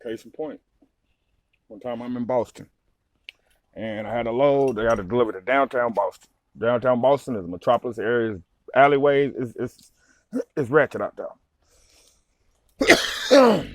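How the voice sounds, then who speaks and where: A man, a truck driver, telling a story in a casual vlog, animated, swearing freely and full of fillers. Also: medium pitch, no room sound.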